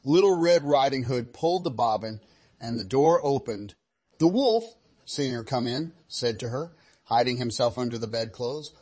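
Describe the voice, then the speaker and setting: Man, storyteller, fairy tale reading, measured cadence, middle pitch. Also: expressive, darkish tone, breathy edge. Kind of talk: fairy tale read-aloud narration.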